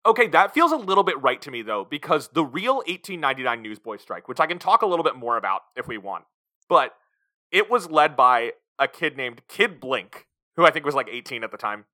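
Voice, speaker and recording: A man's voice: medium pitch, big pitch swings, a little fast, bright, forceful tone, no echo, clean studio sound. A man hosting a casual podcast chat, energetically explaining background to his co-hosts. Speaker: podcast host.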